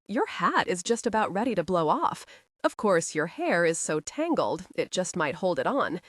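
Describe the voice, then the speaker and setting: A cocky young gentleman who mocks and needles as a woman reads him aloud. The voice sits low yet swings widely in pitch. The recording is dry and close, storybook audiobook style. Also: big pitch swings, moderate pace, no echo. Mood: mocking. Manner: mocking, needling. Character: brash young male horseman, teasing and arrogant.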